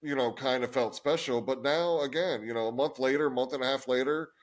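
Hesitant, halting podcast co-host man. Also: mid-range voice. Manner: hesitant, halting, many restarts and fillers. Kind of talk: casual wrestling podcast chat.

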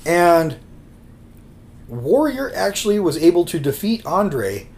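A man co-hosting a casual podcast, spinning rambling stories. His voice sits a bit high for a man, and he acts out quotes as he goes. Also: sing-song, slow, a little mellow. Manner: rambling anecdotes with acted quotes. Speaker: podcast co-host. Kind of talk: casual storytelling chat.

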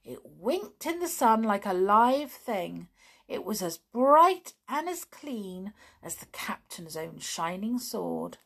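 A woman reading a children's story aloud in a gentle, expressive way. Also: medium pitch, slow pace, gravelly, slightly rough.

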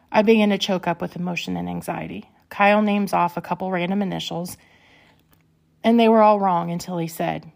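A woman's voice: fairly low pitch, steady tone, creaky. Earnest woman reading her memoir. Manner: earnest, unhurried, emotional retelling. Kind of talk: first-person memoir reading.

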